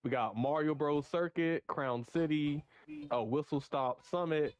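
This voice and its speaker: A man co-hosting a casual gaming podcast, excitedly reading out race tracks and laughing along. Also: a little high, measured pace, clean tone, no echo. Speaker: podcast co-host.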